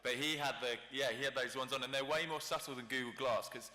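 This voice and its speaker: A man's voice: medium pitch, steady tone, quick pace, sharp tone. A man telling travel stories as a panelist at a live convention panel, chatty. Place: large convention hall. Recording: reverberant convention hall.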